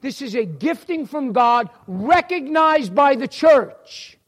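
High-voiced New York preacher. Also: male voice, animated, takes it slowly. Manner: folksy, talks directly to listeners by name. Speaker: teacher of a church class. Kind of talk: sermon.

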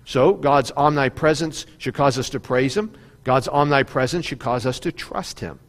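A male pastor preaches in a sermon, his voice carrying a long hall reverb. He moves between fervent, climbing appeals and quieter, conversational storytelling, repeating phrases for emphasis. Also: mid-range voice, normal speed. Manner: preaching with rising fervor and repetition.

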